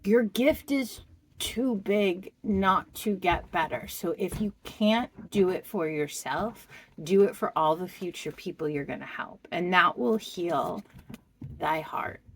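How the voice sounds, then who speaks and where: A woman doing a pick-a-card tarot reading, speaking to the viewer in a slow, heartfelt and expressive way. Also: lowish voice, a little hiss or hum. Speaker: tarot reader.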